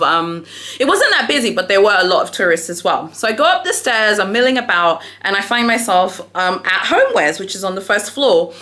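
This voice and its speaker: A young adult woman telling a shopping story in a casual vlog, chatty and animated, calling viewers "honey", recorded in a hotel room without an external mic. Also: medium pitch. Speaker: luxury shopping vlogger.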